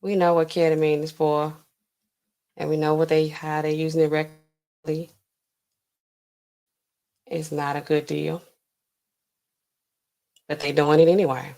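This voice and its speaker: A woman's voice: low-pitched, little pitch movement, measured pace, gravelly, pauses often, warm tone. Chatty woman livestreaming news commentary. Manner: chatty, addresses the chat directly. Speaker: livestream host. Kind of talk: casual livestream commentary, reading news aloud.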